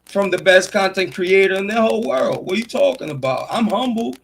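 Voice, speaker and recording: A man with a high-pitched voice talks on a casual livestream in a boastful, swaggering way, full of street slang. A faint hiss sits under his voice. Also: fairly quick, creaky, poor audio. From Puerto Rico. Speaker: true crime and sports commentary host.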